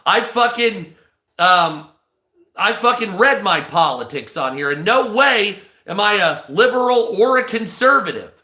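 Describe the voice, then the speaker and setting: A man's voice: high-pitched, lively intonation, measured pace, sharp tone. A man on a livestream, delivering a crude, heavily profane rant and thanking viewers mid-sentence. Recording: echoey room.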